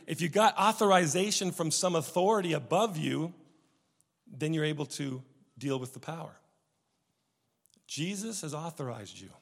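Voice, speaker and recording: A man preaching a sermon, telling stories with many restarts and swings from loud emphasis to hushed tones. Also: fairly high pitch, vocal fry, long reverb tail. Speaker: pastor.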